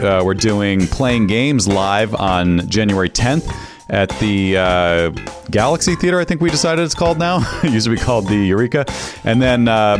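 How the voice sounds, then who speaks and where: A man hosting a podcast, plugging live shows and chatting casually, laughing easily. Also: fairly low pitch. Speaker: podcast host. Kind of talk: casual podcast chat and show plugs.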